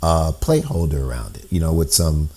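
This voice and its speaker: Low slow guy walking through a code on screen, dark mellow tone, keeps saying right?. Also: wildly swooping pitch. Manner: thinks aloud, often checks in with "right?". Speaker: amateur code-breaker. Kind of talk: explaining on a shared screen.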